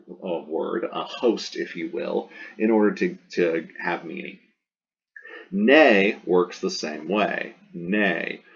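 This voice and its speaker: A man's voice: deep voice, dull audio. A man teaching a Latin grammar lesson, patiently explaining and repeating key words, stressing words to show emphasis. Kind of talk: recorded classroom lecture.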